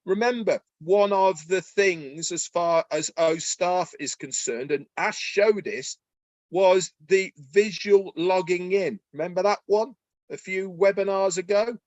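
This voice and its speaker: A man speaking excitedly on a promotional webinar, folksy and persuasive. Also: high voice, a little slow, no room sound, rough recording. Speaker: webinar co-presenter. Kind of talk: enthusiastic promotional webinar talk.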